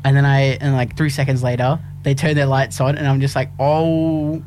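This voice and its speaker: A young man co-hosting a radio show, telling a story with animated energy and frequent laughs. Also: medium pitch, normal speed, a little hiss or hum. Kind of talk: casual chat. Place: small radio studio.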